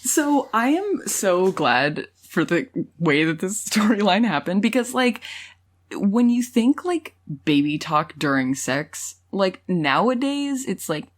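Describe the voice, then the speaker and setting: Animated giggly woman in her twenties. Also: medium pitch, slow. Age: 20s. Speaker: podcast co-host. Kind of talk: casual chat.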